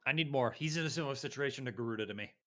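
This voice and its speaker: A young man in casual podcast chat, emphatic and animated, swearing casually. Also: mid-range voice, rapid-fire. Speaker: podcast co-host.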